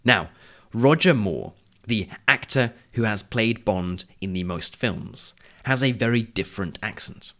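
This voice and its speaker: A man hosting a podcast, narrating a scripted lesson in a clear, measured, explanatory way. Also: lowish voice, expressive, a bit bright. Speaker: podcast host.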